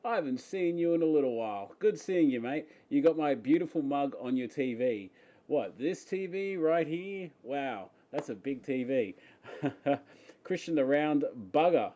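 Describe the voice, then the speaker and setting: An Australian man hosting a casual live-stream Q&A from his home, chatty and quick to laugh as he greets viewers by name. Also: on the high side, animated, mellow, lo-fi sound. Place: home, upstairs room.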